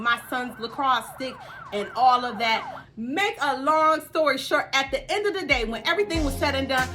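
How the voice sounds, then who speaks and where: High, bright-voiced woman telling a story. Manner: animated, dramatic retelling that acts out the others' lines. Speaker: vlog host telling a family story. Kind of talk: casual storytime vlog.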